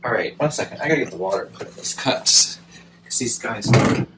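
A man's voice: mid-range voice, fairly quick, far from the mic, slight background noise, low-quality recording. A man filming a casual plant unboxing vlog at home, gushing and talking straight to the camera. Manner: excitable, gushing, talks to the camera. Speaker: plant vlogger.

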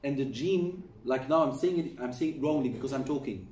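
A middle-aged man with a dark, mellow voice patiently drills students on pronunciation, repeating each sound as he coaches them. He is picked up from some distance in an echoey classroom, so the room rings around his words. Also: mid-range voice, moderate pace, few pauses, slight background noise. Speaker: Quran recitation teacher.

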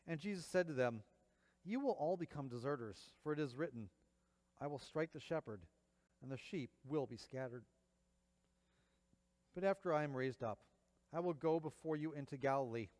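A man's voice: a little high, expressive, moderate pace, long pauses, darkish tone. Man reading scripture in an echoing church. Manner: dramatic reading, acts out quotes. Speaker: preacher. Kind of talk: Bible reading and sermon. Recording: long church reverb.

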